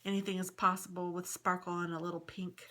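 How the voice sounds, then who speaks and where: A woman's voice: on the low side, little pitch movement, fast, bright, forceful tone. A woman casually chatting through a flip-through of her craft planner, upbeat and rambling. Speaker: crafting vlogger.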